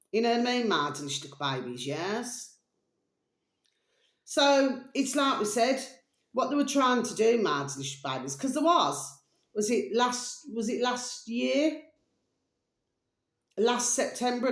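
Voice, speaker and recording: Lady ranting on her vlog, loops back and swears a lot, roomy echo. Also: lowish voice. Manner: rambling, repetitive, sweary. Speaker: vlogger. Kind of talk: casual rambling monologue.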